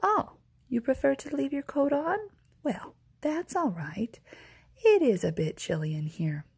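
A woman voicing a kindly, fussy old grandmother in a whispered role-play, soft, doting and chatty. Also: high voice, lively intonation, measured pace, slightly rough, voice pushed up, exaggerated voice.

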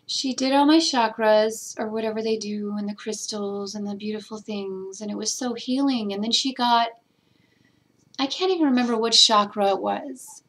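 A woman's voice: mid-range voice, normal speed, a bit bright. A woman vlogger talking casually and earnestly about meditation, getting emotional as she rambles with fillers. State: teary. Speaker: spiritual vlogger. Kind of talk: casual personal talk.

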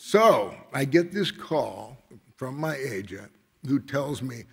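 An older man with a gravelly, husky voice speaks slowly from a stage, winding through a story in a relaxed, meandering way. His words ring out with a long reverb from a large hall. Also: medium pitch. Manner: laid-back, rambling, with many filler phrases. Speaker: award honoree giving a speech. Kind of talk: storytelling acceptance speech.

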